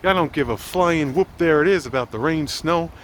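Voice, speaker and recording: A man's voice: fairly high pitch, normal speed. A man hosting a casual home vlog outdoors, joking around as he walks and talks like a mock game show host. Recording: faint outdoor traffic noise.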